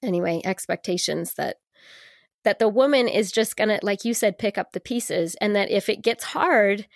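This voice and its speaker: A woman talks through a book with a co-host in an earnest, casual way, full of fillers and quick restarts. Her voice sits at a middle pitch for a woman. The sound is dry and close, with no room around it. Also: creaky, no room sound.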